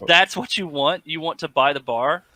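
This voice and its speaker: Male player, easygoing and amused, bright tone, dry sound. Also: a little high, normal speed, dry recording. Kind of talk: casual tabletop play.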